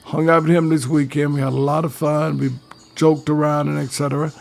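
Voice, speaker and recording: Older male radio host, raspy and fairly high-pitched, preachy monologue style. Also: level tone, fairly quick. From Georgia, US. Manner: preachy, advice-giving, addresses listeners as fellas.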